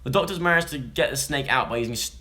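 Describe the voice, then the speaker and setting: Young male vlogger, bright and forward tone, chatty and jokey, prone to tangents. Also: mid-range voice, fast. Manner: chatty, jokey, rambling asides. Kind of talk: casual chat, reading news stories to a live audience.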